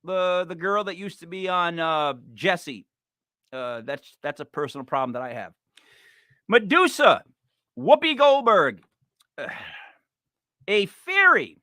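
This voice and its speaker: A man's voice: high voice, big pitch swings, slow pace, pauses often, pushed and bright, no room sound, clean studio sound. A man co-hosting a podcast in playful comedic chat, joking through a list with punchy delivery. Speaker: podcast co-host.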